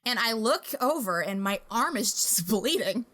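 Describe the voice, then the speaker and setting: This is a young woman with a bright, ringing voice that sits a little high for a woman. She is hosting a casual podcast and tells her stories in an animated, profane way, breaking into laughter along the way. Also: moderate pace. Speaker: podcast host. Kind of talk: casual storytelling chat.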